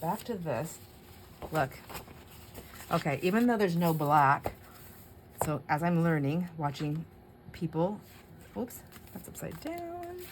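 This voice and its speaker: A woman with a low-pitched voice hosts a relaxed crafting session, talking warmly to her audience. She laughs easily and mutters little asides to herself as she works. A faint background hiss sits under the recording. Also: takes it slowly, pauses often. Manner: chatty, laughs often, talks to herself while working. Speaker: craft channel host. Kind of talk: casual crafting chat to viewers.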